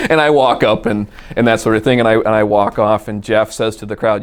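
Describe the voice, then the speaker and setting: Man telling a car story, lowish voice. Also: moderate pace, smooth. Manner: animated, acts out quoted dialogue. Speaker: guest storyteller. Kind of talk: casual storytelling.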